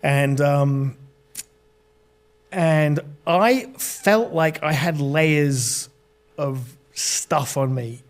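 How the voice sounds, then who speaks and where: A man's voice: a little high, very slow. A middle-aged British man, a podcast guest, telling a long story with many fillers and restarts. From Britain. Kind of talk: storytelling in interview.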